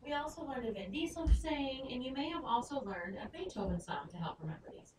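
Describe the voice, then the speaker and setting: A woman teaching a Spanish lesson, explaining patiently and slowing down to sound out words. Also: sits high, expressive. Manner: patient, clear, slows down to spell out Spanish words. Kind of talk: recorded lesson narration. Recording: echoey room, far mic, noisy.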